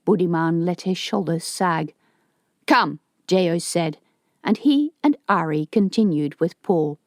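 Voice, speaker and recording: A woman narrating an audiobook in a steady, clear storytelling manner. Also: mid-range voice, dry recording, clean studio sound. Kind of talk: scripted narration.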